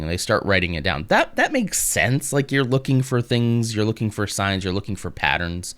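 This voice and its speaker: A man streaming live, reading aloud and chatting casually with his viewers in a relaxed, rambling way. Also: lowish voice, fairly quick, few pauses. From United States. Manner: relaxed and rambling, reads text aloud and answers chat.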